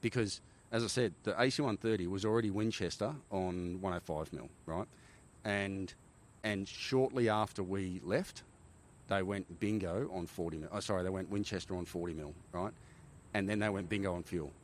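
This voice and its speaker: A middle-aged Australian man, a former army helicopter pilot, telling animated stories in a casual interview, often checking in with "right?". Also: low-pitched, moderate pace, a little hiss or hum. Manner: animated war-story telling, frequent "right?" tags.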